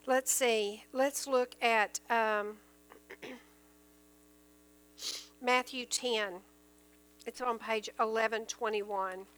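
Woman Bible teacher, high and bright, earnest plain-spoken explainer, faint hum behind. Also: steady tone, very slow, long pauses, clear, resonant tone, low-quality recording. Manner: earnest, explains verses in plain everyday terms. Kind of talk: Bible teaching, reading scripture aloud.

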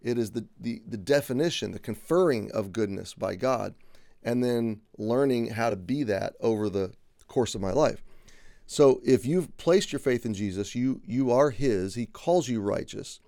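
A man's voice: medium pitch, lively intonation, normal speed, creaky, dark tone, no room sound, clean studio sound. A man giving a conversational Bible teaching, earnest, unpacking words one by one and often checking in with "okay?".

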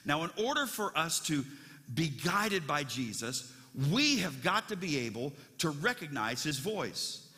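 A man's voice: a little high, sing-song, a little slow, sharp tone, long reverb tail. A man preaching a sermon as pastor of his church, conversational and storytelling, with frequent restarts.

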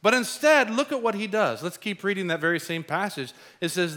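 A man's voice: sits high, a little fast, hardly any pauses. A middle-aged man preaching a sermon as pastor, telling stories and acting out quoted voices. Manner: animated storytelling, acts out quoted voices.

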